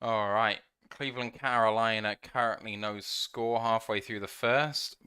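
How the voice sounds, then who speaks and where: A man hosting a live fan watch-along, commenting on the game play by play and getting loud and excited at big plays. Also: on the low side, measured pace, clean tone. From United Kingdom. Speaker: fan podcast host.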